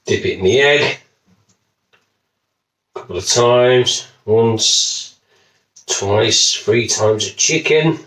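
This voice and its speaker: A Wolverhampton man with a West Midlands accent jokes and rambles while demonstrating a recipe in his home kitchen, swearing now and then. He's a home cooking video host with a medium-pitched, fairly bright voice. The kitchen echoes and he's off-mic.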